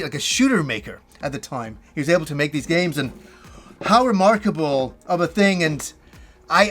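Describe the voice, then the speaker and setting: Upbeat middle-aged male gaming host. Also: fairly high pitch. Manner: enthusiastic, rambling storyteller who acts out quotes. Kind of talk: casual reminiscing vlog.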